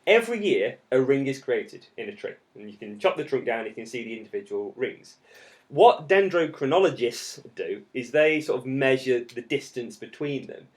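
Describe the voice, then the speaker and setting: A man's voice: medium pitch, animated, normal speed. A man in his thirties who teaches geography, explaining step by step with jokes in a casual podcast. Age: 30s.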